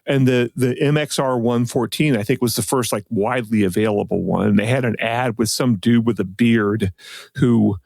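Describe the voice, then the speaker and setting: A man's voice: mid-range voice, moderate pace, creaky, darkish tone, dry recording, clean studio sound. A middle-aged man co-hosting an audio podcast, talking in an opinionated, ranting way. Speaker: podcast co-host. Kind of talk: casual audio podcast chat.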